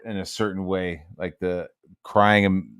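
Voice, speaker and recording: A low-voiced man co-hosts a livestream, spinning a story at a measured pace in loose comedic banter, swearing heavily and acting out the people involved. His tone is clean, with no echo and a clean studio sound.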